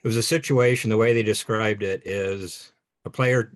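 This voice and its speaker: A male attendee calling in with a question, speaking in a slightly halting way with repeated words. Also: on the low side, fairly even intonation. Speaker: caller asking a question.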